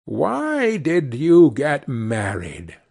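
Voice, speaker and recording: A man's voice: on the high side, huge pitch swings, very slow, gravelly, a little mellow, full character voice. A man voicing Scrooge, a miserly, bitter old man who speaks in a curt, growling way.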